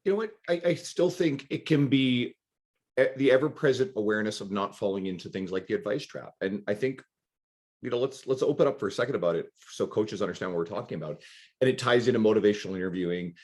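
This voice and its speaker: A man hosting a podcast, chatting casually and quickly, with offhand swearing. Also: fairly low pitch, darkish tone. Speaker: podcast host.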